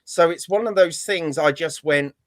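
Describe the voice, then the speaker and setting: A man vents about a match with biting sarcasm and rising irritation. His voice sits high for a man and sounds dry and close, with no room around it. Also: normal speed, fairly bright tone, no echo. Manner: sarcastic, ranting. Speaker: podcast panelist. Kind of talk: casual football chat.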